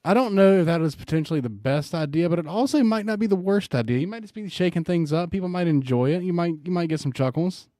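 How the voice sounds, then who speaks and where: A young man co-hosting a radio show, answering in a measured, dry way and laughing easily. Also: a little high, mellow, no room sound. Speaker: radio co-host. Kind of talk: casual radio chat.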